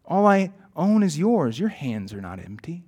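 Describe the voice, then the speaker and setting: A man voicing a loving, gentle father in a poem reading, tender and pleading. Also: on the high side, very animated, moderate pace, slightly rough.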